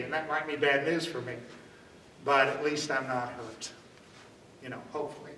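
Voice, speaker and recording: A man leads a self-defense workshop in a loose, demonstrative way, often checking in with "okay?". His voice is fairly high and bright. He's picked up from a distance in an echoey room. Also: a little hiss or hum.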